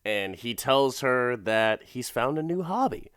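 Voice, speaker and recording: A man's voice: medium pitch, lively intonation, unhurried, a bit bright, clear, resonant tone, no room sound, clean studio sound. A man hosting a comedy podcast, recapping an episode in a loose, laughing, profane style and putting on voices for the characters. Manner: laughing, swearing, acts out characters in put-on voices. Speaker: podcast host.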